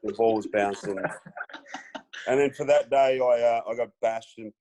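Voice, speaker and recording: A man with an Australian accent, a former footballer telling stories as a podcast guest in a relaxed way, with lots of fillers. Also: medium pitch, moderate pace. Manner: laid-back storyteller, many fillers, acts out quotes. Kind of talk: casual storytelling chat.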